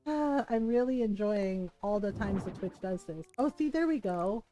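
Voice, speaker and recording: A woman streamer from the United States telling a family story in casual, animated chat while she plays, laughing often and checking in with "right?". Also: medium pitch, unhurried, faint music behind, poor audio. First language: bilingual in Tagalog.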